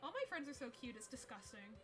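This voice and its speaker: Her voice a little high and her delivery fast, a young woman livestreams as a VTuber artist over faint music. She keeps things casual, gushing eagerly, laughing often, and cursing occasionally.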